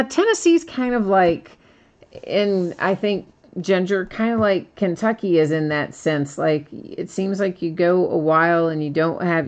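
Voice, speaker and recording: Host, female, low-pitched, casual stream talk, rattles off card names, chats with viewers. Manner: casual, reads card names in a steady list, answers viewers by name. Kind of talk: live stream card opening with chat replies.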